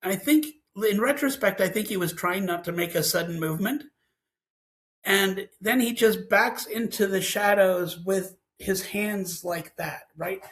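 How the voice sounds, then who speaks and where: A man's voice: sits high, measured pace, fairly bright tone, rough recording. A man, a scientist guest, telling a personal story and acting out the dialogue as he goes.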